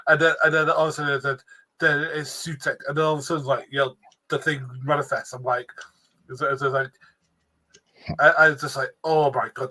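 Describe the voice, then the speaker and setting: A man co-hosting a casual review podcast, excitedly retelling scenes in a rush of words. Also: fairly high pitch, low-quality recording. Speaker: podcast co-host.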